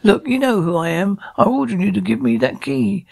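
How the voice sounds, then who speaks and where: A man's voice: high-pitched, lively intonation, brisk, gravelly, exaggerated voice. A man doing an imperious hot-tempered young woman.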